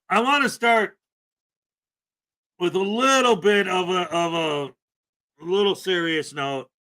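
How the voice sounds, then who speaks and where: A man from Canada hosting a casual morning livestream, greeting viewers by name with loud, upbeat enthusiasm and a slightly rough throat. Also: a little high. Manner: upbeat, greeting chat names with shouted enthusiasm. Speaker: livestream host.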